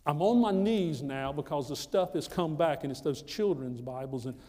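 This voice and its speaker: A man from the United States, pitched a little high for a man, preaching a personal testimony with emphatic, repetitive storytelling. His voice rings out in a hall with a long, lingering reverb. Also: normal speed, dark tone. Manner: emphatic, repeats phrases for effect. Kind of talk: storytelling sermon.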